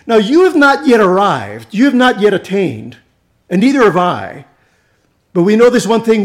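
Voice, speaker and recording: A man with a fairly high voice preaches in an easy, conversational way, tossing in jokes and asides to the congregation. When he drives a point home his voice climbs and presses harder. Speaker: pastor. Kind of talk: sermon.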